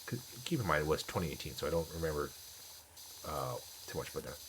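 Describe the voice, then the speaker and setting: A man's voice: extremely low pitch, expressive, fast talker, noisy background. A man streaming a game and chatting casually with viewers, rambling with many restarts. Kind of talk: casual chat while gaming.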